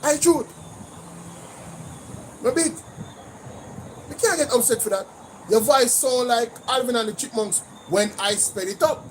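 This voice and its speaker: A man with a Jamaican accent hosting a casual livestream, animated, mixing patois with English and repeating "you know" often. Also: very high voice, measured pace, pauses often, slight background noise, rough recording. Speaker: livestream host.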